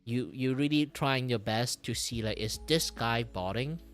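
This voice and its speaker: A man chatting casually on a live stream while he draws. He rambles, sounds dizzy and disoriented, and breaks into sudden loud outbursts, swearing and laughter. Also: mid-range voice, a little slow, faint music behind. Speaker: art streamer.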